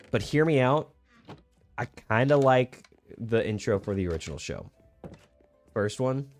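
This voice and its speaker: A young man streaming a game, chatting casually in a laid-back, rambling way with many fillers and restarts. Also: mid-range voice. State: hiccuping. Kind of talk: casual gaming stream chat.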